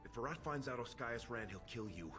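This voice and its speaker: A young street-thug sidekick , voiced by a man, rambles off grim, wry jokes. His voice sits mid-range. Game music plays clearly under him. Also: medium pitch, animated, brisk, lightly acted.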